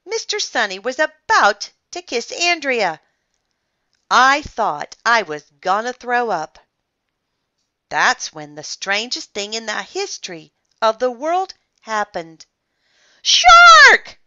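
A woman reading a children's book aloud in a playful, expressive way. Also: fairly high pitch, takes it slowly, dull audio. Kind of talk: storybook read-aloud.

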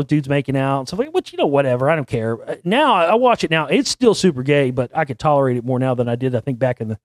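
A man's voice: fairly high pitch, darkish tone, no echo, studio quality. A man in his forties hosting a show, talking in a rambling, blunt and profane casual monologue. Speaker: show host.

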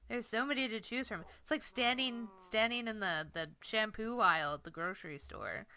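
A woman's voice: a little high, moderate pace, bright, forceful tone, clean tone. A woman hosting a casual gameplay video, chattily coaxing and playfully scolding the animals in her game. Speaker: let's play host.

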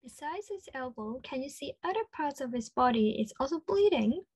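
High-pitched encouraging woman teaching kids. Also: animated, darkish tone, no room sound. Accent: Australian. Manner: slow, encouraging, praising. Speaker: children's speech clinic presenter. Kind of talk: interactive children's lesson.

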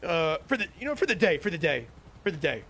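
A man's voice: fairly high pitch, big pitch swings, fast, gravelly, sharp tone. A man playing a police lead in an improvised role-play, rattling off orders with many fillers and restarts.

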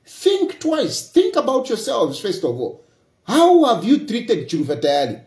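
A man's voice: high-pitched, wildly swooping pitch, moderate pace, darkish tone, echoey room. A Zambian man speaking in a passionate political monologue, emphatic and repetitive, switching between English and local phrases. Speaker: opposition politician.

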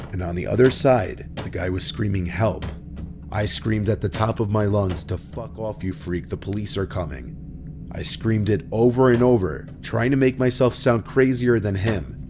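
A man calmly reading first-person horror stories as scripted narration. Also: on the low side. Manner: calm, measured storytelling. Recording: narration over background music.

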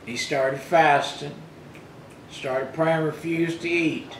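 A man preaching a sermon as pastor, retelling scripture in plain everyday speech and rising loud for the quoted rebukes. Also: fairly high pitch, steady tone, slow, reverberant, a little hiss or hum, low-quality recording.

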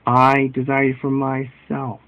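A man reading as gentle loving Jesus. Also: mid-range voice, monotone, unhurried, highs cut off, close to an everyday voice. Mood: tender. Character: Jesus, gentle loving male divine speaker. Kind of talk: devotional reading.

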